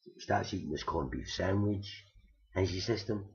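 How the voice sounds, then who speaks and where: A man telling long jokes, building them slowly with repeated phrases, on a dull recording. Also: deep voice. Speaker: comedian. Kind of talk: stand-up joke telling.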